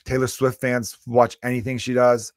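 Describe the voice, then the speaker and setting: A man's voice: mid-range voice, flat delivery, moderate pace, dry recording, studio quality. A man in his thirties hosting a solo comedy podcast, ranting bluntly with lots of swearing. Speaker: podcast host.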